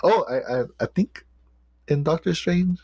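A man's voice: on the high side, a little slow, a little mellow, slightly rough, dry recording. A man co-hosting a podcast in casual chat, rambling and hesitant with many restarts. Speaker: podcast co-host.

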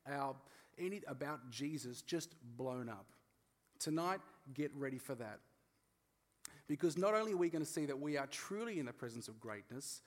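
A man with an Australian accent preaching a sermon to a congregation, telling a casual, self-deprecating story. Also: fairly high pitch. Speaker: pastor. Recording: reverberant hall sound.

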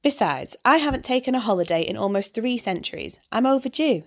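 A woman voicing a fussy, anxious male angel who speaks in a polite, hurried way. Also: fairly high pitch, expressive. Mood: fretful. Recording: background hiss.

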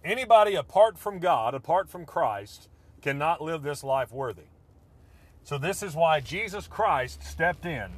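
A man preaching a sermon with fervent, repetitive phrasing that swells and then drops to a hush. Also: fairly high pitch, very animated, a little slow, husky.

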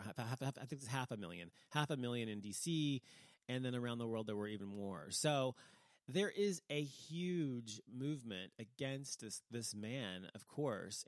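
A man's voice: fairly low pitch, no room sound. A man giving a casual opinion monologue, rambling and heated, swearing freely and restarting his sentences a lot. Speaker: vlogger. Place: lives in Dallas, Texas.

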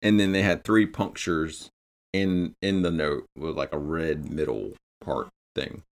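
A man's voice: a bass voice, unhurried. A man hosting a podcast, telling a true-crime story in a casual, profane way. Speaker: podcast host.

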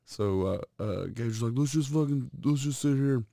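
A man's voice: medium pitch, normal speed, gravelly, mellow, no room sound, studio quality. A man co-hosting a podcast, telling a loose, profane story in casual chat. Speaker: podcast co-host.

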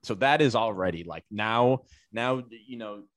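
A man's voice: fairly low pitch, measured pace, no echo. A man casually telling a comic, profane story on a podcast, acting out the people in it. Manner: animated, profane, acts out quoted voices.

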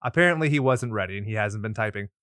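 A man's voice: fairly low pitch, fast talker, fairly bright tone, no echo. A man co-hosting a movie podcast, recapping a film with sarcastic, teasing banter and frequent swearing into a studio mic. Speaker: podcast co-host. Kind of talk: casual movie recap chat. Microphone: pop filter studio mic.

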